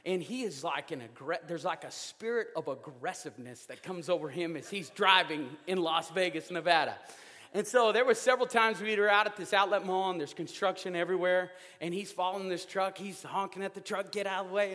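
A man preaching a sermon, animated and joking, with sudden loud outbursts. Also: sits high. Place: church sanctuary. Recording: reverberant church hall.

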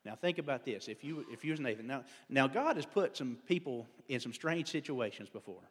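A man's voice: medium pitch, expressive, fairly quick, breathy edge. A man preaching a folksy, conversational sermon as a lay speaker, drifting into digressions and self-deprecating humor. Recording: long hall reverb.

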